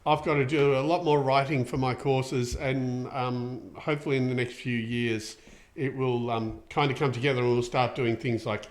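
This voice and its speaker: A middle-aged Australian man hosts a casual livestream, reading out viewer comments in a rambling, chatty way full of ums. His voice sits in the mid-range, with a steady tone and normal pace.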